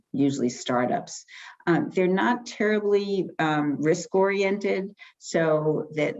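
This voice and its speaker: Woman lecturer, low voice, chatty slide-by-slide explanation, dull lo-fi recording. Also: darkish tone. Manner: conversational, frequent ums and restarts.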